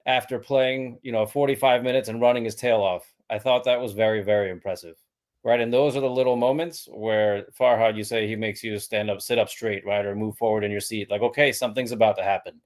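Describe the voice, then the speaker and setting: A man's voice: lowish voice, fairly even intonation, brisk. A man talks through a match analytically on a casual football podcast. He keeps checking in with his co-hosts as he makes his points. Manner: analytical, often asks "right?". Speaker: podcast co-host.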